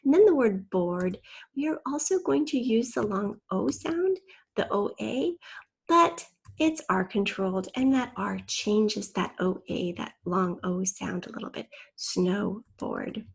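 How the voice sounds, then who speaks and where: A woman teacher giving a patient online spelling lesson to young children, sounding out letters slowly and clearly. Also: medium pitch, expressive.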